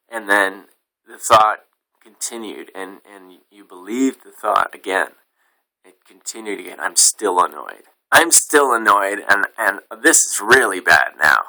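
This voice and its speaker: Guy giving a buddhist talk, low voice with a really sharp edge, frank and plain-spoken. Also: low-quality recording. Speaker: Buddhist meditation teacher. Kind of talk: informal dharma talk.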